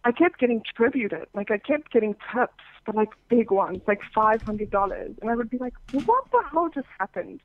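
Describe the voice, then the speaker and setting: A woman guest chatting casually in an interview, telling lively stories and acting out quoted callers, with many fillers and restarts. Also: mid-range voice, normal speed, hardly any pauses, no room sound. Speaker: podcaster and phone sex operator, guest. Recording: thin, dry phone-like sound.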